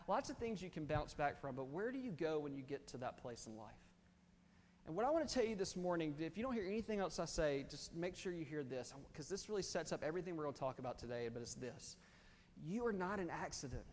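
A man, preaching a sermon in a candid, self-deprecating, conversational way. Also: on the high side. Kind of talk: storytelling sermon. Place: church or auditorium. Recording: reverberant hall.

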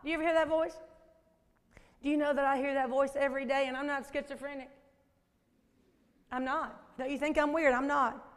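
Lively Southern woman preaching in echoey church. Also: sits high, a little fast, pauses often. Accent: Southern American. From Southern United States. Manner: lively, folksy, questions the congregation. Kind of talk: sermon. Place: church sanctuary.

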